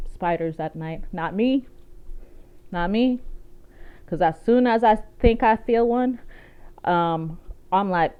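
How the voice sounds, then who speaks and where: A woman vlogger in casual chat, telling animated stories with laughs and asides. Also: fairly low pitch, smooth. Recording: dull lo-fi sound.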